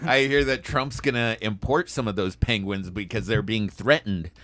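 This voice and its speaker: A man hosting a podcast in casual chat, rambling and halting with lots of fillers. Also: on the low side, a bit bright. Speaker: podcast host.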